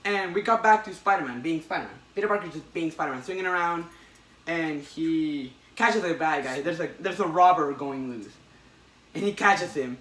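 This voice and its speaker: A man excitedly recapping a comic book, often stumbling and restarting, with a bright, fairly high voice. He sounds echoey, as if the mic is set back in a roomy space. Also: moderate pace. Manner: excitable retelling, frequent restarts. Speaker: podcast host. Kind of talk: casual comic book chat. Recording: echoey room, distant mic.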